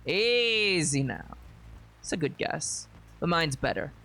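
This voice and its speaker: A streamer voicing a calm, sly man with a pistol, speaking low and measured in a visual novel read-aloud. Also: heavy background noise. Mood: cool threat.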